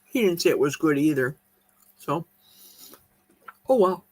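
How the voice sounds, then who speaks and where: A woman's voice: deep voice, lively intonation, unhurried, a little mellow, dry recording. A woman chatting casually on a live stream, eating as she talks and reading viewer comments aloud in her kitchen. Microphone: streaming mic.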